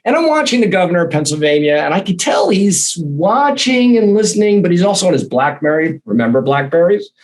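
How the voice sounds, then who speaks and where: A man telling a personal anecdote in a lively, animated way, acting out the voices in his quotes. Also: high-pitched, brisk, hardly any pauses, poor audio. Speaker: guest, storytelling consultant.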